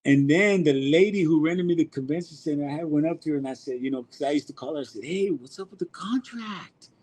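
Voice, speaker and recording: A man telling a story as a podcast guest, casual and animated, swearing freely. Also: on the high side, fast talker. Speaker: guest, car show organizer.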